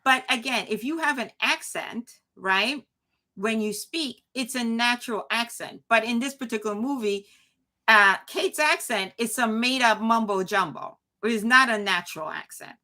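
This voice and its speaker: Animated, bright-voiced woman host. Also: a little high, moderate pace. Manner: animated, emphatic, talks with frequent restarts. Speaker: show host. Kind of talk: live commentary reacting to chat.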